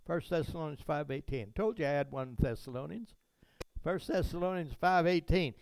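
A man's voice: fairly high pitch, moderate pace, creaky, a little mellow, clean tone, dry recording. A man preaching a sermon as pastor in a church, in a preacherly way that swells into fervent rises on words of praise.

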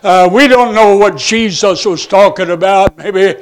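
A man delivers a sermon at an unhurried pace. His voice sits high for a man. He stops often on "and, uh" fillers as he builds the story for his listeners. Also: a little hiss or hum. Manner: storytelling, halting with many "and, uh" fillers. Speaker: preacher.

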